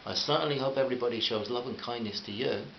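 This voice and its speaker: A man reading a short story aloud in a gentle, friendly way, addressing listeners as friends. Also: mid-range voice, quick pace, creaky. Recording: muffled roomy recording with faint hiss.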